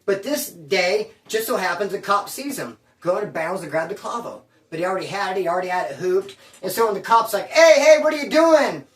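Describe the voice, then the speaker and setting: A man's voice: high-pitched, lively intonation, fairly quick, hardly any pauses, a bit bright. A man who served time, telling a prison story in casual street slang, swearing freely and acting out what people said. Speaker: former inmate storyteller. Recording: roomy echo, distant mic.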